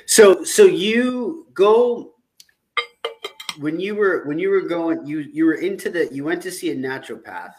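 An interviewer giving short backchannels and asking halting, restarting questions. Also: mid-range voice, expressive, a little mellow. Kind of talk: conversational interview.

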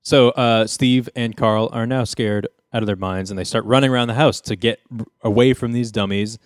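A man chats casually on a podcast, walking his co-hosts through a sitcom episode with a joking, storytelling manner. He slips into quick impressions of the characters. His voice sits in an ordinary middle pitch, recorded dry and close. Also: steady tone, no room sound. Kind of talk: casual chat.

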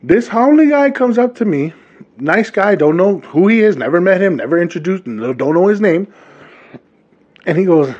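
Animated Hawaii-raised podcast man. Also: fairly high pitch, normal speed, slightly rough, muffled recording. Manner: animated, talks straight to listeners. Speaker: podcast host. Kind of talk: casual monologue.

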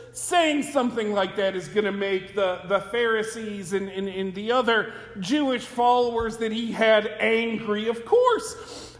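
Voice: mid-range voice, a bit bright. A pastor preaching a sermon in a conversational way, asking the listeners rhetorical questions, recorded in a church sanctuary. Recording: echoey hall with long reverb.

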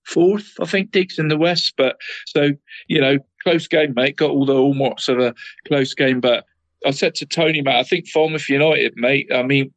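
A man co-hosting a relaxed football chat, talking at a middling pitch. He sprinkles "mate" through every sentence and trips over his words before getting them out. The sound is dry and close, with no room around it. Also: moderate pace, dry recording, poor audio. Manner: chatty, keeps adding "mate", stumbles and restarts words. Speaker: football podcast co-host.

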